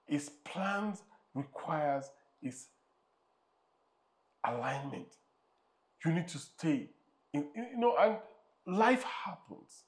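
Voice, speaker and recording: Slow-preaching pastor, a man. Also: fairly high pitch. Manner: rhythmic preaching with repeated phrases and rising emphasis; acts out voices of characters in a story. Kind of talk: sermon.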